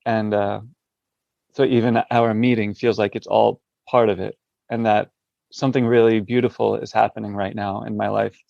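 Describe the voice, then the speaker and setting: A man's voice: on the low side, flat delivery, normal speed, gravelly, a little mellow, no room sound, lo-fi sound. A man speaking as a podcast guest from a hospital room, reflective and hesitant, with many fillers. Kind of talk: interview conversation.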